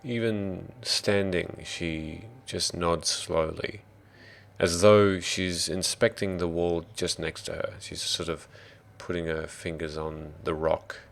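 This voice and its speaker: A man from Australia running a tabletop game as dungeon master, narrating slowly and deliberately. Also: deep voice, steady tone, gravelly, a bit bright.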